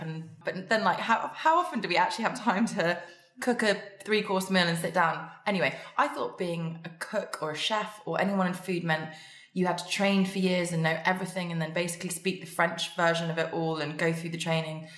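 A woman guest on a podcast, warm and enthusiastic, a little tired and croaky. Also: fairly low pitch, a little fast. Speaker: podcast guest, cookbook author. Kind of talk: casual interview chat. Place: her home. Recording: roomy echo.

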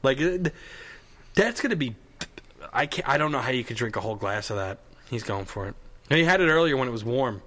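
Excitable New guy joking around. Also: mid-range voice, brisk, long pauses. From New York. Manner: excitable, joking, swears casually. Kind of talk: casual chat among friends.

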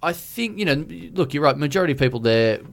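A man's voice: fairly high pitch, animated, fast. An Australian man hosting a podcast, telling rambling, profane comic stories in casual banter. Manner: rambling, swearing comic storytelling. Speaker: podcast host.

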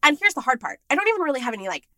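Woman, casual monologue, bright clear tone, dry close sound, candid and emphatic. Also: high-pitched, big pitch swings, racing, no room sound.

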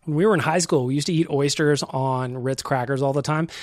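A man's voice: medium pitch, steady tone, fairly quick, no room sound, clean studio sound. A young male podcast host chatting casually and enthusiastically, with self-deprecating humor.

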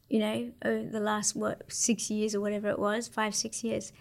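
A woman in her thirties with an Australian accent, chatting casually as an interview guest in a relaxed, slangy way with lots of fillers. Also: mid-range voice, moderate pace, creaky. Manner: laid-back, slangy, many fillers. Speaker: interview guest, para-surfer.

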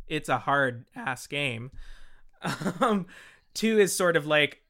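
A man's voice: on the high side, expressive, takes it slowly, sharp tone. A man hosting a podcast in casual chat, rambling and laughing often. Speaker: podcast host.

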